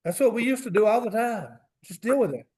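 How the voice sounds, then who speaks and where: Brief: high male voice, dry sardonic co-host, acts out quick scenarios. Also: animated, dark tone. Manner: sardonic, acts out little imagined exchanges. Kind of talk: casual podcast chat.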